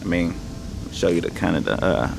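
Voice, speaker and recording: A man's voice: low voice, fairly quick, vocal fry, background noise. A young man casually talking through his resale haul in a laid-back, rambling, slangy way. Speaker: online reseller showing his haul.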